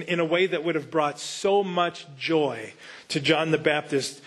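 Husky-voiced pastor, a touch high, earnest conversational teacher who reads scripture and asks the audience questions. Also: male voice, fairly bright tone. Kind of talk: Bible reading and sermon teaching.

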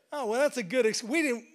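High-voiced middle-aged man preaching. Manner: earnest, repeats words when building emphasis. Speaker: pastor. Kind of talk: sermon.

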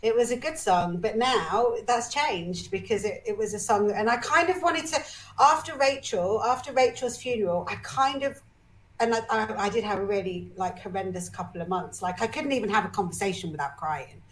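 A woman's voice: medium pitch, moderate pace, rough recording. A woman talking as a podcast guest, telling emotional personal stories with energy, swearing casually and often restarting her sentences. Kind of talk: candid personal storytelling.

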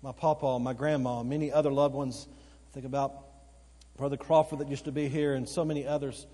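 A male pastor preaching a sermon, swinging between loud emphatic outbursts and slow, quiet, earnest stretches, repeating phrases for emphasis. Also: mid-range voice, flat delivery. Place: church sanctuary. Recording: long church hall reverb. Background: occasional congregation responses.

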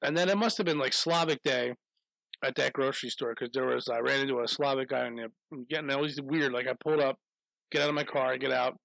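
A man's voice: mid-range voice, quick pace, creaky, fairly bright tone. A man spins a long, rambling story in loose conversation, swearing freely and chuckling at his own tale. His voice sits in an ordinary middle range. The sound is dry, with no room echo. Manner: profane, rambling, laughs through anecdotes. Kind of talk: casual storytelling chat.

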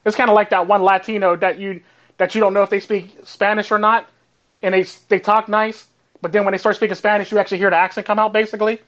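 A man from Costa Rica chatting casually on a panel, fast and full of "actually" and "basically". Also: high voice, level tone, a bit bright, muffled recording. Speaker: host.

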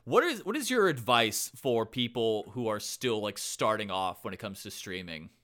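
A man's voice: fairly low pitch, very animated, normal speed, a bit bright. A man hosting a casual interview, chatty, asking questions and agreeing often. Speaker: host.

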